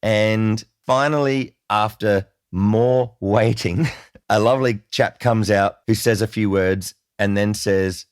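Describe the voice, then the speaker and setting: A man telling a casual, chatty story to camera, excitable and self-deprecating. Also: fairly low pitch, slow pace, smooth, no echo, clean studio sound. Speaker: music vlogger.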